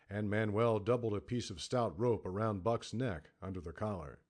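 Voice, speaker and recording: A man reading a novel aloud as an audiobook narrator, measured and dramatic. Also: on the low side, darkish tone. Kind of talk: scripted narration.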